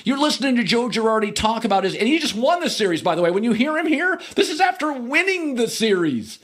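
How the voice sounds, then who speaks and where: A middle-aged man talking sports in a joking, opinionated monologue. His voice sits high for a man and swings up and down a lot. He keeps breaking into mocking impressions. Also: big pitch swings, fast, a bit bright. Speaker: sports radio host.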